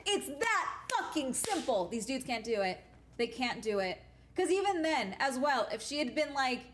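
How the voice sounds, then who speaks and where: A woman's voice: on the high side, normal speed, a little hiss or hum. Blunt, profane young woman streamer. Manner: blunt and profane, animated storytelling. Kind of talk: casual chat on a stream.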